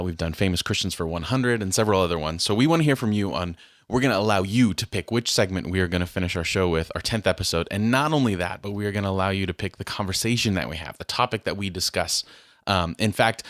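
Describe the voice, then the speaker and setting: A man's voice: deep voice, animated, quick pace, a bit bright, no echo, clean studio sound. A man hosting a faith podcast, chatting casually and announcing with playful mock grandeur. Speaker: podcast host. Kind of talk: casual chat.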